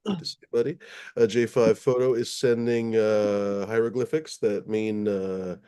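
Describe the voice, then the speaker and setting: A man's voice: on the low side, fairly even intonation, normal speed, dark tone, clear, resonant tone. A man hosting a casual livestream, rambling and swearing with many fillers as he greets viewers in the chat. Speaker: livestream host.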